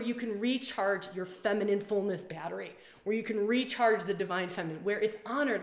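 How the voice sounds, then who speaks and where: Woman hosting a casual live stream, animated and blunt, repeats herself, roomy echo. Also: medium pitch, normal speed, hardly any pauses. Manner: animated, swears freely, repeats phrases. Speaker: women's circle and retreat leader.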